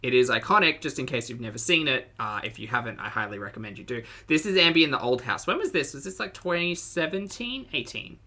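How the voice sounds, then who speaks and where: A woman's voice: rumbling low, lively intonation, fast, few pauses, sharp tone. A woman with a Southern US accent live-streaming a reaction, chatting with her viewers and laughing often. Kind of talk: casual live-stream commentary.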